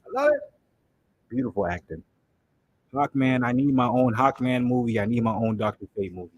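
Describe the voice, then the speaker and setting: A man's voice: mid-range voice, brisk, dull audio. A man hosting a casual movie reaction, chatting with enthusiasm and talking straight to his viewers. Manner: enthusiastic, loose and chatty, talks to viewers directly.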